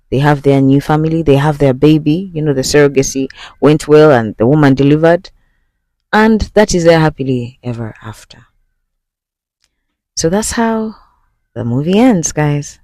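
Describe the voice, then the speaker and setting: A man hosting a movie recap, retelling the plot in a casual, animated way and speaking straight to viewers. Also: a little high, no echo.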